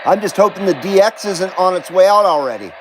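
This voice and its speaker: A man's voice: sits high, animated, brisk, crowd noise. A man hosting a casual livestream radio show from home, greeting callers in a chummy, laid-back way and swearing freely. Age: adult.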